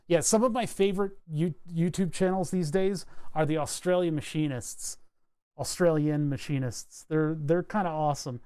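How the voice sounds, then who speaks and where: A man's voice: a little high, clear, resonant tone. Easygoing man tinkering at his workbench. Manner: relaxed, self-deprecating, chuckles often. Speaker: streamer building electronics projects live. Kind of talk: casual live-stream chat while tinkering. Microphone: wired microphone at his workbench.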